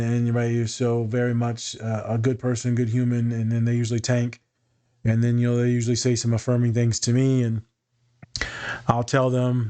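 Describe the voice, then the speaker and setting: A man's voice: medium pitch, mellow, clean tone. A man who works as a therapist, co-hosting a podcast in a candid, casual way, swearing freely. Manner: candid and profane, laughs often.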